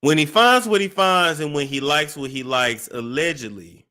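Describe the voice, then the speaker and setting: A man hosting a celebrity gossip show, telling a story with dramatic pauses, restarts. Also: medium pitch, bright, forceful tone. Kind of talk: casual gossip commentary.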